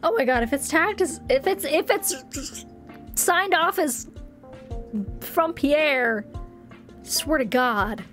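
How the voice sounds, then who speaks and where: Woman, young adult, live game streamer, high-pitched, emotional reading of game text, faint background music. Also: animated, takes it slowly, long pauses, fairly bright tone. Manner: reads game text aloud, emotional and tearful.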